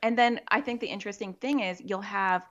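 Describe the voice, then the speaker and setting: A woman's voice: medium pitch, brisk. A woman with a muffled voice explains to parents. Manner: explanatory, practical, often acts out parent and child quotes. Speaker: child therapist, guest. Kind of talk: podcast interview.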